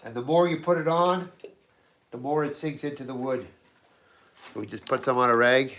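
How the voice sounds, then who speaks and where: His voice roughened by a cold, a man hosting his channel's home workshop livestream chats casually about the knife he's making. He wanders, frequently starts sentences over, and speaks at a normal speed with medium pitch and fairly even intonation.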